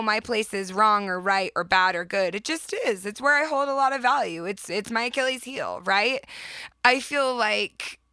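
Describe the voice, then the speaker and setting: Woman host, thirties, bright dry close sound, earnest and emphatic motivational talk. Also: medium pitch, smooth, dry recording. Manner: earnest, emphatic, often laughing. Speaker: podcast host.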